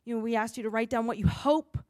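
A woman pastor giving a sermon in an earnest, expressive way, acting out the lines she quotes. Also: fairly high pitch, quick pace, dry recording, studio quality.

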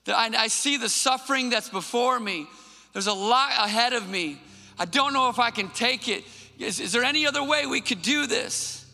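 A man voicing an anguished grown man praying, pleading yet earnest, in a long hall reverb with soft music behind. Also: very high voice, moderate pace, pitched above the performer's own voice, full character voice.

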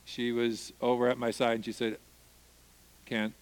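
Male preacher, testimony sermon, mid-pitched voice, acts out other people, loud praise then quiet hushed parts. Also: level tone, measured pace, pauses often, smooth. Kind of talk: sermon storytelling.

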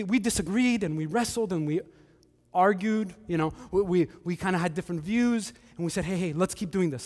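A man preaching a sermon as pastor, animated, with joking asides and acted-out quotes. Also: high voice, long reverb tail.

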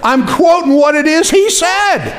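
A man preaching a sermon as pastor, in a folksy, conversational way full of fillers that builds up into shouted emphasis. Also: very high voice, lively intonation, a little slow.

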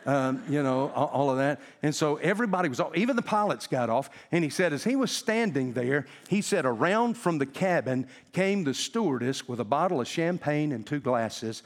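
A male pastor telling a story in a sermon, in a folksy, animated way. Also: a little high, moderate pace, hardly any pauses, long reverb tail.

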